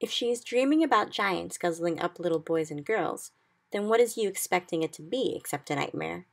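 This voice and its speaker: A woman reading aloud gives voice to a big, kindly male giant from a storybook, talking in muddled grammar and made-up words. The voice sits low with a gravelly edge. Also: animated, fairly quick. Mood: gentle.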